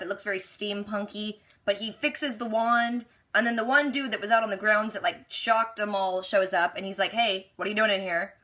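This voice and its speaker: A woman's voice: medium pitch, bright, forceful tone. A woman giving a casual, chatty recap of a TV episode, full of "like" and sarcastic asides. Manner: quotes characters with lots of "like". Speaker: TV reaction recapper.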